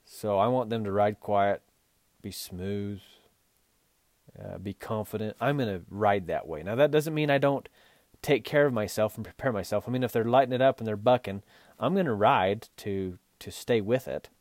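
A man's voice: lowish voice, normal speed, darkish tone, no echo. A man hosting a podcast, coaching riders in an earnest talk with many restarts. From Utah. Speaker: podcast host and horse and mule trainer.

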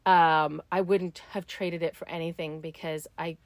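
Woman, casual chat, rambling storyteller, animated quoted voices, dry close sound. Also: fairly low pitch, a little slow, no echo. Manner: many fillers like "like" and "um". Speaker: client sharing stories.

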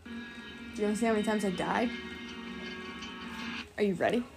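A woman co-hosting a casual podcast chat at home by a computer, playful and teasing with deadpan jabs. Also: medium pitch, moderate pace, vocal fry, music in the background. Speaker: podcast co-host. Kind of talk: casual chat while gaming.

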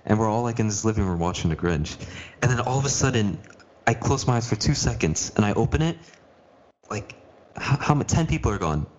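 A man's voice: on the low side, lively intonation, a little fast, darkish tone, lo-fi sound, a little hiss or hum. A teenage boy hosting a podcast, telling stories in casual chat and swearing freely. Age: teens. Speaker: podcast host.

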